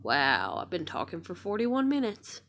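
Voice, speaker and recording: A woman's voice: on the low side, wildly swooping pitch, normal speed, a bit bright. A worn-out woman venting in a casual monologue, ranting with plenty of swearing and sounding near tears. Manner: profane, exasperated ranting. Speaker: vlogger.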